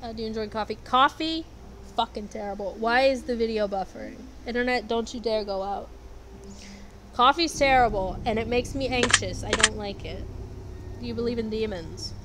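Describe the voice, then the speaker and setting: A young woman with a slightly high voice talks through an online quiz in casual vlog style. She is blunt and sarcastic and swears constantly. Steady noise sits behind her voice. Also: brisk. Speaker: vlogger. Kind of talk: casual commentary answering quiz questions. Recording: noisy background.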